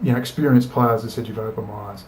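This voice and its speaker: A man's voice: lowish voice, steady tone, slight background noise. Combative man ranting to camera. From Australia. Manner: combative, profane, rapid-fire rhetorical questions. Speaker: political video commentator.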